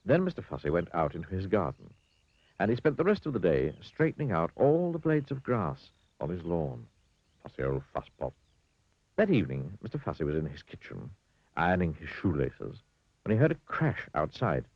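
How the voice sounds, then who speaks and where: A man's voice: sits low, wildly swooping pitch, moderate pace, breathy edge, no echo. A man reading a children's story in a dry, wry storybook manner. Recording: dull lo-fi dry recording.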